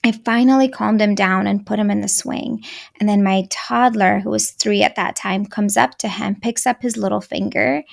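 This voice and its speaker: A woman's voice: mid-range voice, fairly even intonation, moderate pace, vocal fry. A woman in her thirties whose first language is Russian, earnestly telling her story as a guest in a casual interview.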